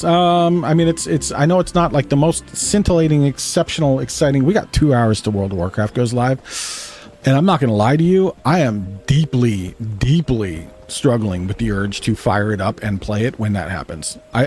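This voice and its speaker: A man's voice: medium pitch, animated, brisk, darkish tone, soft background music. A man streaming a game, telling a rambling story in a casual, profane way. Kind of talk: casual storytelling while gaming.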